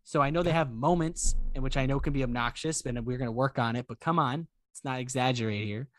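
A man's voice: medium pitch, quick pace, faint music behind. A young man co-hosting a podcast, telling a story in casual chat, acting out the people in it. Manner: animated, acts out quoted voices, swears casually. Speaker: podcast co-host.

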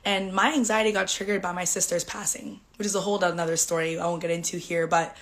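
A woman with a fairly low voice hosts a podcast, talking fast with a flat delivery and a slightly bright tone. She tells a personal story candidly and emotionally, chatty and full of "like" fillers.

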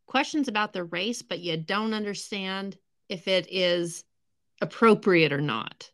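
A woman's voice: medium pitch, measured pace. A woman co-hosting a podcast in casual chat, blunt and matter-of-fact. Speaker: podcast co-host.

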